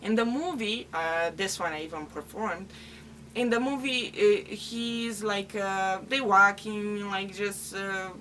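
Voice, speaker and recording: A woman's voice: mid-range voice, takes it slowly, a bit bright, far from the mic, slight background noise, poor audio. A woman giving a casual, rambling vlog book review, full of "like" and "uh" fillers. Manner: rambling, chatty, lots of "like" and "uh".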